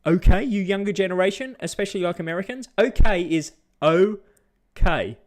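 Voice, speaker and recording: A man's voice: lively intonation, takes it slowly, a little mellow. A middle-aged Australian man talking on his vlog, ranting bluntly and casually about how people react to words. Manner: blunt, ranting, mocks others in high put-on voices. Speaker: vlogger. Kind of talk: casual opinion rant.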